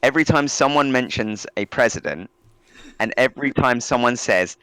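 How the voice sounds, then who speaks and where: A man co-hosting a podcast in casual chat, animated, with frequent restarts and swearing. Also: mid-range voice, moderate pace, smooth, dry recording, poor audio. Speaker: podcast co-host.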